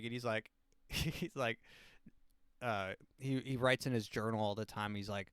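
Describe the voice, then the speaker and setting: A man's voice: mid-range voice, moderate pace, a bit bright, clear, resonant tone, dry recording, studio quality. A man hosting a podcast, rambling through a casual book review and breaking into silly voices for quotes. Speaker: podcast host.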